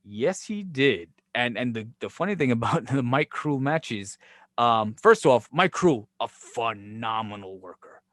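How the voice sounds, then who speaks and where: A man hosting a podcast, telling wrestling stories in casual chat, animated and profane, acting out the dialogue. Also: mid-range voice, a little slow, no room sound. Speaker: podcast host, former wrestling booker.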